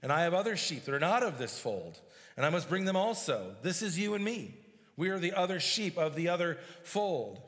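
A man's voice: high-pitched, very animated, brisk, fairly bright tone. A man preaching a sermon, reading scripture aloud and explaining it verse by verse with emphasis. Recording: long hall reverb.

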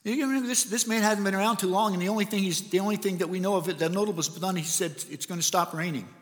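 A man's voice: high-pitched, very fast. A man preaching a sermon, retelling a Bible story with earnest emphasis and frequent stammered restarts. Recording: long reverb of a large hall.

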